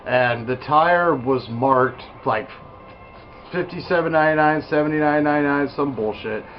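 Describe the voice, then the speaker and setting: A man's voice: fairly high pitch, normal speed, faint music behind. A man hosting a casual gaming podcast while playing, laughing often and rambling through stories. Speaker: podcast host playing the game. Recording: lo-fi home recording with clear noise.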